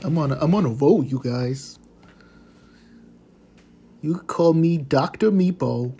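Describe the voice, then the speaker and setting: A man voicing a cheerful, eager pitbull puppy, commenting on gameplay with excitable gasps and goofy puns. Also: on the high side, slow pace, faint music behind. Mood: excited. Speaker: game commentator.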